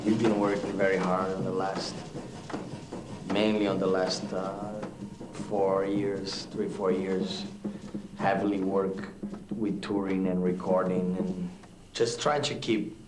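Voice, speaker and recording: A man's voice: low voice, noisy background. A young man, a touring musician, talking frankly and loosely in a casual documentary interview, with many fillers. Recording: roomy echo with music behind.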